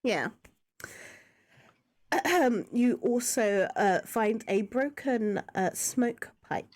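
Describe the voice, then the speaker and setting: A woman running a tabletop game as game master, halting as she speaks, with many fillers and restarts. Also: fairly high pitch, expressive, a little mellow.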